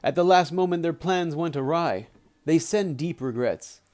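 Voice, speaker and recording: A man's voice: fairly high pitch, normal speed, darkish tone, natural voice. A man voicing a kindly, devout male stranger on a train, speaking in a courteous, formal way.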